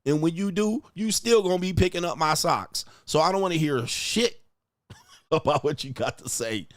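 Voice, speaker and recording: A man hosting an online show in a loud, mocking, profane ranting style, swinging into high shouted tirades. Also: lively intonation, normal speed, no room sound, studio quality. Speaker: online dating coach and host.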